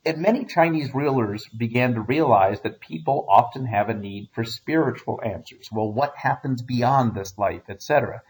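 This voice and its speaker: A man's voice: mid-range voice, normal speed, hardly any pauses, rough recording. A man, a history teacher, giving a casual recorded lecture with wry asides and frequent fillers.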